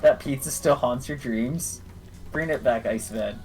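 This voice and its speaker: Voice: medium pitch, normal speed, a little mellow, low-quality recording. A playful, joking co-commentator calling a tournament in casual chat from home.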